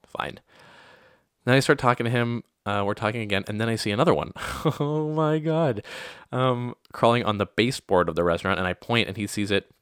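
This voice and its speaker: Animated man telling stories. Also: fairly low pitch, quick pace, clear, resonant tone, dry recording, clean studio sound. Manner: animated, lots of acted-out quotes and laughter. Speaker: podcast host. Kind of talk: casual storytelling monologue.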